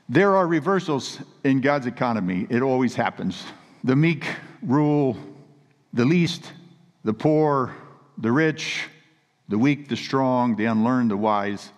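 A man preaching a sermon with earnest, emphatic storytelling. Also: mid-range voice. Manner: earnest, emphatic storytelling with read scripture quotes. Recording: long reverb of a large hall.

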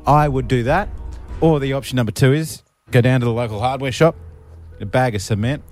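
A man's voice: mid-range voice, fairly quick, darkish tone, faint music behind. A man with an Australian accent hosting a radio show, joking bluntly and sarcastically with his co-host and callers. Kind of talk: casual radio banter.

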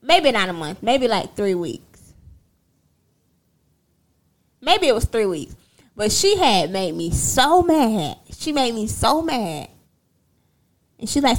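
Sassy, animated woman telling a story. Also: on the high side, takes it slowly, pauses often. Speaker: livestream host. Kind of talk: casual chat to viewers.

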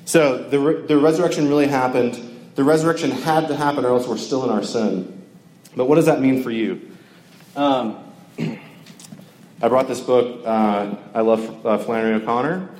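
Casual young preacher in echoey hall. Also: male voice, mid-range voice, normal speed, a little mellow. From Georgia, US. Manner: conversational, joking, lots of filler words. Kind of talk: casual sermon to a campus crowd. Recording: echoey hall with faint ambience.

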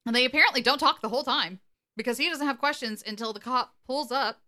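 A woman co-hosting a podcast, casually recapping an episode with animated, laughing delivery. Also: high voice, fast talker. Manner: animated, acts out quotes, laughs often. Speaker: podcast co-host.

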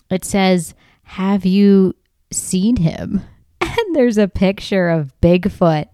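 Slow, mellow-voiced woman podcast host. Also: lowish voice, clear, resonant tone, dry recording, studio quality. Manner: chatty, rambling, with frequent fillers and laughs; blunt and profane. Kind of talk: casual comedic storytelling.

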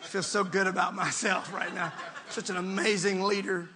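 With noticeable background noise, a man pitched high preaches at a moderate pace, his throat slightly strained. This animated pastor swings from soft remarks to loud shouts and jokes around with his congregation.

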